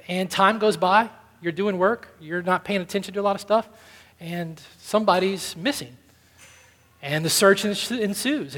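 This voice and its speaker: A man preaching a sermon as pastor, telling a story that swings between loud urgency and hushed softness. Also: high voice. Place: church sanctuary. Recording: church hall with long reverb.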